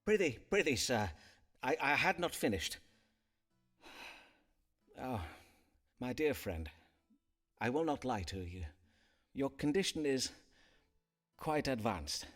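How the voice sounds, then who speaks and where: An actor voicing a courteous Elizabethan astrologer and physician who speaks in polite, archaic phrasing, in a video game. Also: male voice, mid-range voice, big pitch swings, slow, pauses often, fairly bright tone, full character voice. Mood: grave. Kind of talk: game voice acting.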